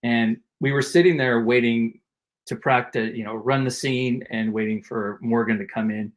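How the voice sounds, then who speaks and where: A man guesting on a podcast, telling animated stories and acting out quotes from his work as a performer. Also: medium pitch, moderate pace. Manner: animated anecdote teller who acts out quotes. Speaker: guest actor, comedian and voice actor. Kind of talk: casual interview storytelling.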